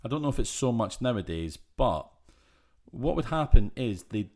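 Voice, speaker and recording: A man's voice: medium pitch, normal speed. A man co-hosting a podcast, joking and making wordplay in casual banter. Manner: joking, wordplay, lively back-and-forth. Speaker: podcast co-host. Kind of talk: casual chat reviewing a film.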